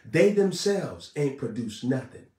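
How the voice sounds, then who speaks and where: Man preaching live, fiery and repetitive, rising to shouts; echoey room, off-mic. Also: mid-range voice, sing-song, a little slow, recorded from a distance. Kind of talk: live-streamed sermon.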